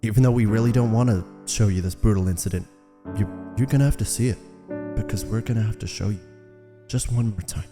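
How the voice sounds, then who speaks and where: A man doing a hushed, grave wrestling announcer. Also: quick pace, long reverb tail, music in the background, close to an everyday voice. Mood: mock solemn. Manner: low, quiet mock-grave delivery.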